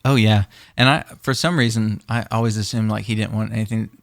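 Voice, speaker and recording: A man's voice: fairly low pitch, fairly even intonation, fairly quick, gravelly, no room sound, clean studio sound. A man co-hosting a podcast in casual chat, rambling with lots of fillers and restarts. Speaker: podcast co-host.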